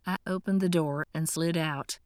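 A woman reading a first-person audiobook in a measured, tense, earnest way, close to the mic. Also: low-pitched, steady tone, a little mellow, no room sound. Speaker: audiobook narrator.

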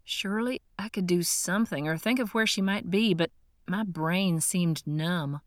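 A woman reading a first-person audiobook in a measured, tense, earnest way, close to the mic. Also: lowish voice, dry recording. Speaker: audiobook narrator.

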